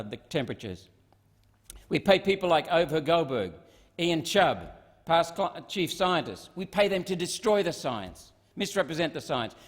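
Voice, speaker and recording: A middle-aged Australian man giving a combative parliamentary speech, firing off repeated rhetorical questions. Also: on the high side. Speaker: senator. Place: parliament chamber. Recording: long reverb of a large chamber.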